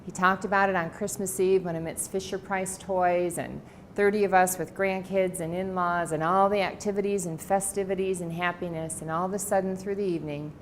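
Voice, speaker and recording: Lowish-voiced woman telling family stories. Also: steady tone, a little fast, hardly any pauses, slight background noise. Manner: warm anecdotal storytelling with quoted dialogue. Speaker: author giving a library talk. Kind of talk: personal storytelling talk. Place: library presentation room.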